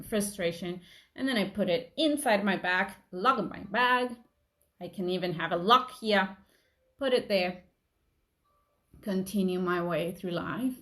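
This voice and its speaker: A young woman giving a gentle talk about emotions, softly reassuring and acting out inner thoughts. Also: mid-range voice.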